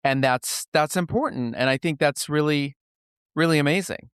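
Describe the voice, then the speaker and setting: A man hosting an interview show, chatting casually and telling stories with lively, animated delivery. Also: fairly high pitch, normal speed, smooth, no room sound, studio quality. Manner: lively storyteller, acts out voices. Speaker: podcast host.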